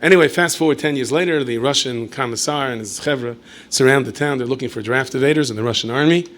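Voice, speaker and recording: A man's voice: mid-range voice, fast, fairly bright tone. A man, a rabbi, telling a story in a lecture with playful asides and acted dialogue.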